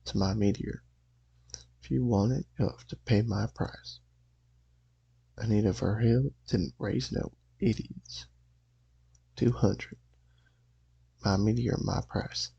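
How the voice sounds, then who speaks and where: A man playing a simple-minded, stubborn country fellow in an attempted Southern accent, raspy and folksy. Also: on the low side, fairly even intonation, slow, pauses often, dark tone, dry recording, lo-fi sound, exaggerated voice.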